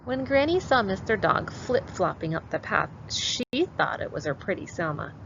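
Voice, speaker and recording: A kindergarten teacher, a woman, reading a picture book aloud to children and walking them through it in an expressive way. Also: medium pitch, normal speed. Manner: expressive, animated read-aloud. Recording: dull lo-fi with faint hiss.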